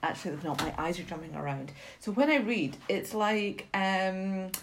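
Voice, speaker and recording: A middle-aged woman from Britain, a mentor chatting casually and telling self-mocking stories in a lively way. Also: medium pitch, moderate pace, slight background noise. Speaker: guest mentor. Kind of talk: casual chat.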